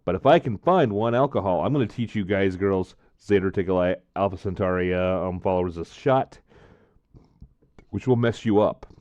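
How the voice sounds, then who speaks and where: A man chatting casually to camera while tasting drinks, rambling, repeating himself and filling pauses with frequent "uh, um" sounds. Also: low-pitched, a little mellow, no echo, muffled recording.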